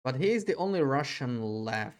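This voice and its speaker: A man's voice: mid-range voice, animated, moderate pace. Young man streamer musing aloud. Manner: thinking aloud, hesitant, with frequent restarts. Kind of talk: live game commentary.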